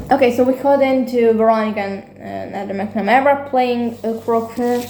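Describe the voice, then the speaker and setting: A young woman recapping a musical's plot in a casual, rambling way, swearing and dropping into quick character voices. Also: on the high side, mellow, slight background noise. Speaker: vlogger. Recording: echoey room with faint music.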